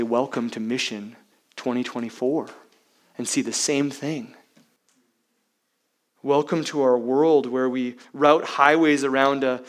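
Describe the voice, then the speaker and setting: Male pastor, sermon, emphatic, rhetorical questions, loud-to-hushed swings. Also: fairly high pitch. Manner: uses rhetorical questions to the congregation.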